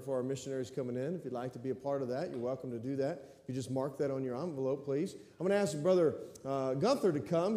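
A man's voice: medium pitch, warm tone. A man serving as pastor, leading a church service in an easygoing, affirming way. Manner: easygoing, affirming, repeats "amen". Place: church sanctuary. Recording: roomy church hall with long reverb.

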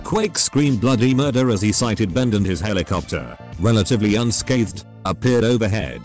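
Low synthetic male story narrator. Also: moderate pace, soft background music. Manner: steady machine-read delivery. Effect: synthetic text-to-speech voice.

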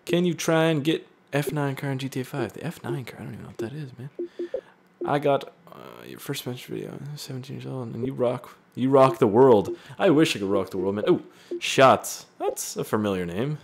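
A man reading fan voice messages aloud and reacting with loud, profane jokes in a casual gaming video. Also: mid-range voice, sing-song, fairly quick, gravelly, background noise. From Canada. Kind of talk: casual gaming vlog commentary.

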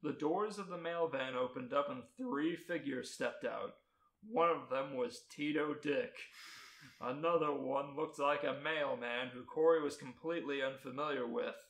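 A man's voice: medium pitch, a little slow, fairly bright tone. Man reading a story, echoey room. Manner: amused reading, breaks into laughs. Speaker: podcast host reading a story. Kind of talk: reading fan fiction aloud.

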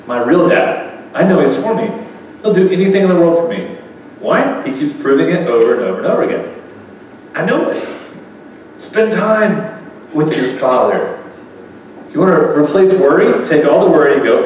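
At a faith event, a man preaches to a live audience in a loose, conversational style, tossing questions to the room. His middling-pitched voice has lively intonation and a darkish tone; he speaks a little slowly and pauses often. Recorded from far off, the sound is washed in long hall echo over a faint murmur of room noise.

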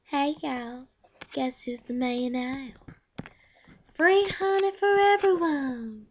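A swaggering male cartoon bee drawls out his threats in a high, pinched voice, as a woman puts him on. The delivery is slow and stretched, heavy with "y'all". A faint hiss sits under the recording. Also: lo-fi sound. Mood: boastful.

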